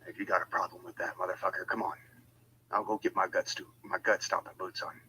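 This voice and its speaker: A man with a low, cutting voice rants in a heated, foul-mouthed and combative tone. He speaks as if squaring up to a listener. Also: little pitch movement, fast talker, sharp tone, slight background noise, poor audio. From United States. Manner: heated, profane and confrontational. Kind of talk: angry monologue.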